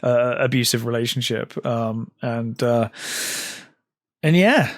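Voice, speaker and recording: A man's voice: medium pitch, takes it slowly, no echo, clean studio sound. A man co-hosting a film podcast, casually retelling scenes with lots of fillers. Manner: retells scenes with acted quotes, many fillers. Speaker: podcast co-host.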